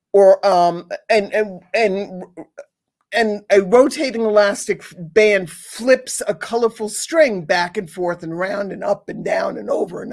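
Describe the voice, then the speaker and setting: A woman's voice: mid-range voice, a little mellow. Rambling, enthusiastic woman reviewing pet toys. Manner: rambling, enthusiastic, many restarts. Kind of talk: casual chat.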